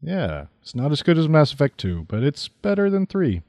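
A man's voice: a little high, huge pitch swings, normal speed, a little mellow, no echo. A man co-hosting a podcast in casual chat, dry and matter-of-fact. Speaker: podcast co-host. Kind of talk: casual chat about card and video games.

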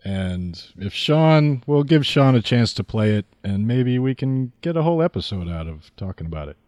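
A man's voice: mid-range voice, very animated, normal speed, a little mellow, no room sound. A man co-hosting a podcast in casual chat, dry and matter-of-fact. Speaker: podcast co-host. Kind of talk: casual chat about card and video games.

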